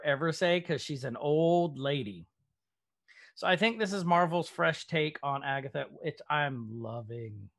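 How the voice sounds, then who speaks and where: A man's voice: a little high, a bit bright. A man co-hosting a podcast, casually recapping a TV episode and leading the discussion with many fillers. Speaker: podcast co-host.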